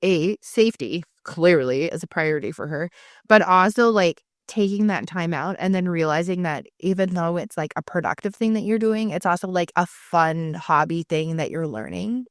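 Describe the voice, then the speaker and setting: A woman co-hosting a podcast in casual chat, telling stories lively and acting out the people she quotes. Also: lowish voice, moderate pace, dry recording, clean studio sound. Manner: animated storyteller, acts out quoted people. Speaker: podcast co-host.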